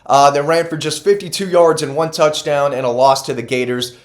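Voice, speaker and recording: A man delivering casual solo college football commentary with a somewhat high-pitched voice. He hammers home his points by repeating the numbers, and he breaks off now and then to correct himself with a quick aside. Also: fairly even intonation. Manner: emphatic, repeats key stats for effect.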